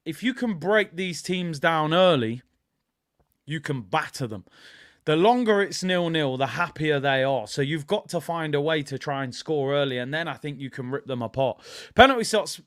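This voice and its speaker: A fairly high-voiced man from England chats through a live football watchalong. He is excitable and rambling, full of fillers as he talks. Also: normal speed. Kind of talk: casual live-stream chat.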